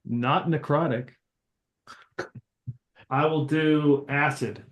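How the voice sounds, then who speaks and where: A man's voice: fairly high pitch, steady tone, extremely slow. A man playing a tabletop game, making brief, plain callouts on his turn. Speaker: player.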